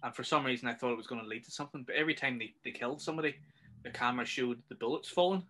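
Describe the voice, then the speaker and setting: Northern irish guy with a bright edgy voice, ranting about a film scene, swearing a lot. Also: mid-range voice, rapid-fire. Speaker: podcast co-host. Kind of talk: casual film review chat.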